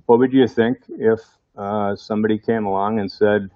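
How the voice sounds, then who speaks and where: A man's voice: on the low side, fairly even intonation, moderate pace, hardly any pauses, mellow, muffled recording. A man preaching a sermon in a conversational way, often putting rhetorical questions to his congregation.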